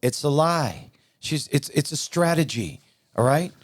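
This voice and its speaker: A man's voice: a little high, lively intonation, a little slow. A man hosting a talk show, preaching in a heated, emphatic and repetitive way. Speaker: podcast host.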